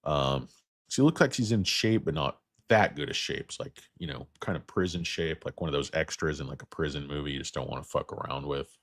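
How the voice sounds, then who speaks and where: A man with a hoarse voice from getting sick, hosting a casual livestream about stocks. He rambles, jokes crudely and talks to his viewers. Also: very deep voice, brisk, a bit bright, dry recording, clean studio sound. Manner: rambling, crude, joking asides. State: losing his voice, feeling sick. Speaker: stock market livestream host.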